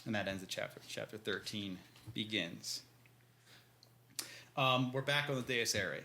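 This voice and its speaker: Speaking a little slowly in a fairly low, gravelly voice with a sharp edge, a man co-hosts a podcast and casually recaps a book chapter. He uses slang and performs the characters' lines, and a slight hiss or hum sits under the recording.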